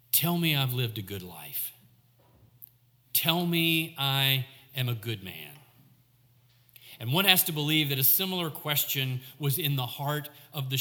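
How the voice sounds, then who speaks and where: A man preaching a sermon in a church, measured and reflective, slowing down for emphasis. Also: medium pitch, bright, forceful tone, big-room sound. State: coughing, clearing throat.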